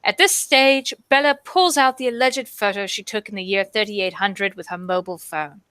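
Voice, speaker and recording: A woman co-hosting a stream, reading a news article aloud with wry, deadpan asides. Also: medium pitch, normal speed, clean tone, dry recording.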